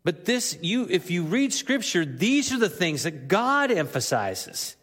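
A man's voice: high-pitched, big pitch swings, a little slow, fairly bright tone, long reverb tail. A man preaching a sermon as the pastor, earnest and rising to emphatic exhortation. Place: church sanctuary.

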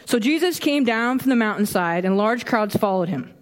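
A woman's voice: fairly high pitch, moderate pace. Woman preaching casually in a reverberant church. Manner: animated, acts out quoted reactions, self-deprecating humor. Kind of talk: casual conversational sermon. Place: church sanctuary. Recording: long hall reverb.

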